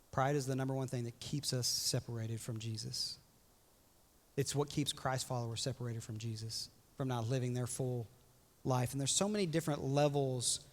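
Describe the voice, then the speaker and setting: A young adult man preaching a sermon as pastor, animated and joking, often slipping into playful voices for quotes. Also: mid-range voice. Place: church hall. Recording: reverberant church hall.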